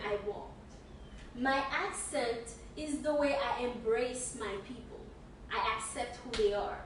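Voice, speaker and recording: High-voiced woman, echoey distant mic. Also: slight background noise. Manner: emphatic and encouraging, repeats words when building a point. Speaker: podcast co-host. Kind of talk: casual podcast discussion.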